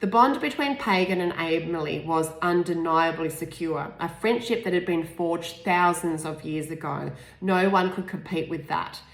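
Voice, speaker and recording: A woman's voice: lowish voice, moderate pace, hardly any pauses. A woman reading her own novel aloud in an informal way, with restarts and small asides. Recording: echoey room.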